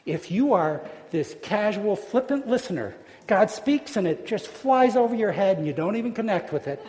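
High-voiced preaching man in a reverberant hall. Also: animated, normal speed. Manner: earnest, emphatic preaching with hushed dips. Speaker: pastor. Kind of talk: sermon. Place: church sanctuary.

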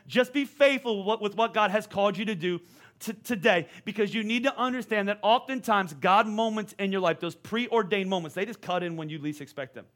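A man in his forties preaching a sermon, energetic and repeating words as he stresses his points. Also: high voice, fairly quick. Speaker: pastor.

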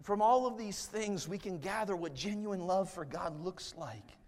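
A man preaching a fervent revival sermon as a guest preacher in a church, swelling to shouts. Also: sits high, normal speed. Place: church sanctuary. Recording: long church-hall reverb.

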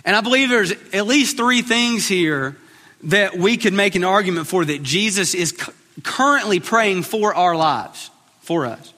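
A man's voice: high-pitched, animated, unhurried, pushed and bright, in a large hall. A man preaching a sermon as pastor, earnest, often repeating words as he starts a phrase.

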